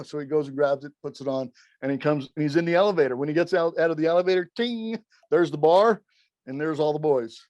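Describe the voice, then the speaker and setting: Profane, rambling former referee telling stories. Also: male voice, fairly high pitch, brisk, no echo. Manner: animated, swears constantly, acts out quotes. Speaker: former wrestling referee, interview guest.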